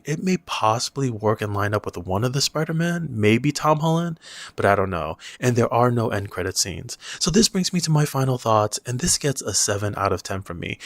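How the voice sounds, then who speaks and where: A man's voice: fairly low pitch, dry recording. A man giving a casual, wry movie review with a sarcastic edge.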